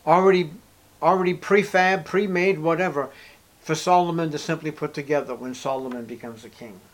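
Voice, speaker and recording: Male preacher, slightly high voice, sermon delivery, acts out dialogue and repeats for emphasis. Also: fairly quick. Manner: acts out short dialogue between characters, emphatic repetition.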